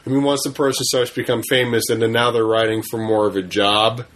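Guy on a podcast, teasing, quick interjections, average pitch. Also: level tone, fairly bright tone, slight background noise. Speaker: podcast co-host. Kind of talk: casual chat.

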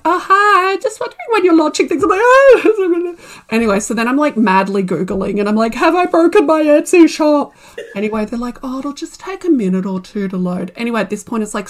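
A woman telling an animated story about her shop launch in a casual chat, laughing and acting out her own reactions. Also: mid-range voice. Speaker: guest, small shop owner.

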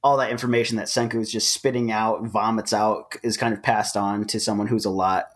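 A man co-hosting a casual podcast chat about manga, rambling with lots of fillers and quick laughs. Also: lowish voice, flat delivery. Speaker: podcast co-host.

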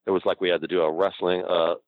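Low-voiced ex-wrestler man, laughing, swearing. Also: flat delivery, fast, narrow, tinny audio. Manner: laughs often, swears freely. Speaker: former pro wrestler, guest. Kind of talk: casual storytelling.

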